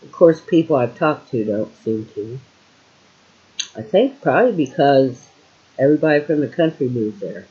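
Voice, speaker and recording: A woman's voice: rumbling low, animated, moderate pace, highs cut off. An older woman from Ohio talking to camera at home in a casual, rambling monologue, full of fillers and trailing thoughts. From Ohio, USA. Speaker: vlogger.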